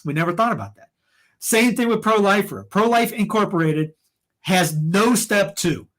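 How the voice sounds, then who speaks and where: Sitting high in pitch, his voice is expressive and slightly bright, moving at normal speed. On the podcast he co-hosts, he shares opinions in a rambling, heated way, restarting often and leaning on fillers.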